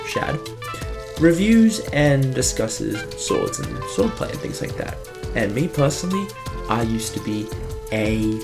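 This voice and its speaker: A man's voice: lowish voice, gravelly. Sarcastic man rambling. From Australia. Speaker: YouTube commentator. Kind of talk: casual commentary. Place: home bedroom.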